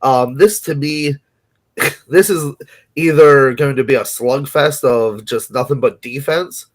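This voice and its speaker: A man's voice: mid-range voice, slow. A man co-hosting a sports betting podcast, talking casually in a rambling, hedging way with frequent restarts. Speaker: podcast co-host.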